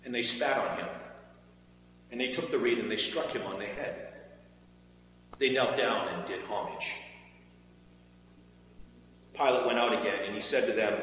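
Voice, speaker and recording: A man giving a measured, expressive scripture reading in a church. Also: on the low side. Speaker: scripture reader. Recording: echoey hall with faint hum.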